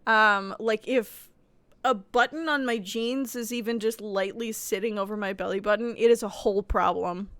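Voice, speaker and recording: A woman streamer chatting casually while she games at home, blunt and quick to laugh. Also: medium pitch, fairly even intonation, fairly bright tone, dry recording. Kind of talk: casual live-stream chat while gaming.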